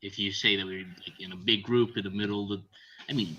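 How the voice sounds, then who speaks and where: A man's voice: on the low side, fairly even intonation, fast talker, pushed and bright. Male player, jokey, noisy mic hiss. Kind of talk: casual game chat.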